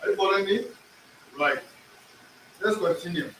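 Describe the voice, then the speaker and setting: A man's voice: high voice, moderate pace, bright, forceful tone, slight background noise. A man teaching an in-person language class, drilling pronunciation, repeating words and quizzing his students. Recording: echoey room, far from the mic.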